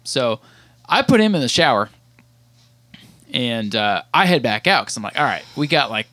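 A man's voice: medium pitch, big pitch swings, normal speed, sharp tone, no echo. A man in his thirties, a podcast co-host telling a long rambling story in casual chat, with many restarts.

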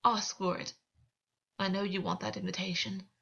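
A woman reading the lines of a defiant captive male former king in an audiobook, with a raspy, coaxing, provoking delivery. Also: medium pitch, very animated, normal speed, sharp tone, muffled recording. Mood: persuasive.

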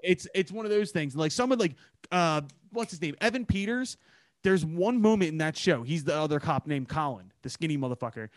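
A young man with a Philadelphia accent hosts a casual, profane podcast chat. His voice sits a bit high, and he tells stories with lively swearing. The mic is close and dry, with no room sound. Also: brisk, no echo. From Philadelphia area. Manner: animated storyteller, swears freely. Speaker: podcast host.

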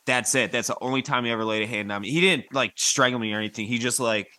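A man speaks in a middle register with a bright, forceful tone, telling blunt stories full of swearing. He co-hosts a relaxed podcast chat. The sound is dry and close. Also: mid-range voice, fast, no echo. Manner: blunt, profane anecdotes. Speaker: podcast co-host. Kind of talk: casual chat.

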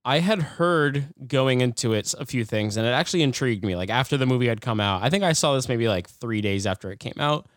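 A man's voice: mid-range voice, expressive, a little fast, few pauses, dry recording. Laid-back podcast guy, dry sound. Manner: laid-back, laughs often. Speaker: podcast co-host. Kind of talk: casual chat.

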